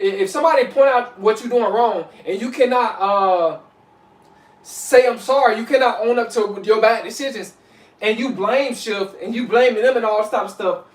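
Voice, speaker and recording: A man with a very high-pitched voice vlogs to camera, loosely and repetitively preaching motivational advice and frequently asking "you know what I'm saying." The mic is distant, leaving him off-mic in an echoey room.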